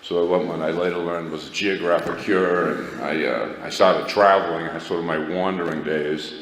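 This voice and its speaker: A man's voice: low-pitched, normal speed, a bit bright. A middle-aged man telling a rambling, self-mocking personal story to a recovery meeting, laughing at himself. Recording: echoey hall, faint background noise.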